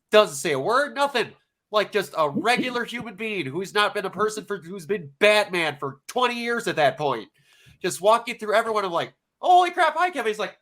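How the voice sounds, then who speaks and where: A man co-hosting a podcast, telling a personal story in casual chat with emotional, animated storytelling. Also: sits high. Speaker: podcast co-host.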